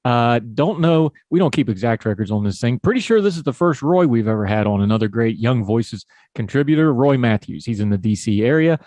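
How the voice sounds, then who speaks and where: A man's voice: mid-range voice, animated, brisk, few pauses, a little mellow, no room sound. A man with a Southern US hillbilly accent hosting a podcast, talking politics in a folksy, conversational way. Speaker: podcast host. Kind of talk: casual political talk.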